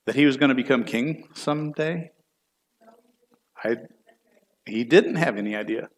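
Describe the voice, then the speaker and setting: A man's voice: mid-range voice, measured pace, long pauses. A middle-aged man, a church elder, teaching a Bible class in a folksy, chatty way and putting questions to the class.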